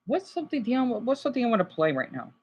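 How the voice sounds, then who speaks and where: In a fast, sing-song, extremely high-pitched voice, a man streams live reactions, rambling and agitated, stammering and restarting sentences while apologizing often. He sounds stressed and overwhelmed throughout the commentary.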